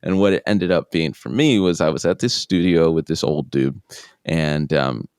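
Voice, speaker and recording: A man telling his own story as an interview guest, self-deprecating and animated, acting out the people in it. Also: very deep voice, moderate pace, clear, resonant tone, dry recording, studio quality. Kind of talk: casual storytelling.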